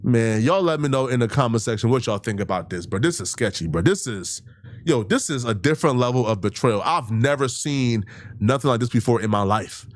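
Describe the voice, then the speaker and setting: A man's voice: medium pitch, expressive, a little fast, no room sound, clean studio sound. A man hosting an online commentary show, talking animatedly and firing off rhetorical questions.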